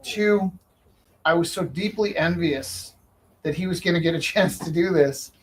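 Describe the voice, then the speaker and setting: Brief: male live-auction host, a bit higher-pitched, stumbles and restarts a lot, faint room noise behind. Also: rough recording. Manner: halting, many restarts and fillers. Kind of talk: casual live-stream storytelling.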